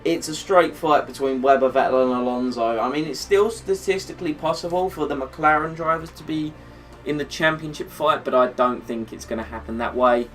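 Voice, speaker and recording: A man's voice: fairly high pitch, a little fast, fairly bright tone, far from the mic, soft background music. A man recapping a racing video game career race he just played, rambling and thinking aloud with fillers, tired after a long session. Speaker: gaming channel host.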